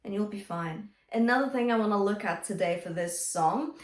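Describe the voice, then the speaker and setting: A woman's voice: mid-range voice, moderate pace, distant mic. Woman, vocal coach, singing lesson, coaxing, echoey room. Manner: encouraging, coaxing with "yeah?". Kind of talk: singing lesson with sung demonstrations.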